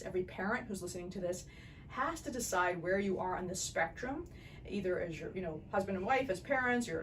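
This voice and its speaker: A woman's voice: medium pitch, far from the mic, slight background noise, low-quality recording. A woman eye doctor hosting a casual podcast interview, talking in a chatty, rambling way and laughing easily. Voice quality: chatty, digressive, quick to laugh.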